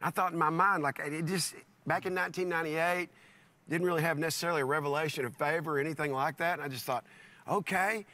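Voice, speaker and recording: Middle-aged man, pastor, lively storyteller, bright forceful tone, slightly higher pitch; often restarts lines. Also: fast, no echo. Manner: animated, repeats words and restarts often. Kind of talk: storytelling in a conversation.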